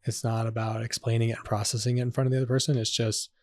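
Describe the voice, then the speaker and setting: A man, a psychotherapist, guiding a slow, soft meditation and then talking casually about his work with clients. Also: medium pitch, level tone, no room sound. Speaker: psychotherapist guest.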